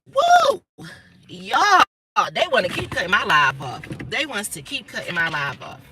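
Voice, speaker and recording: In her 30s, this woman livestreams from inside a car, her lowish voice very animated and fairly quick over background noise. Her monologue is blunt, profane and emphatic as she tells her stories.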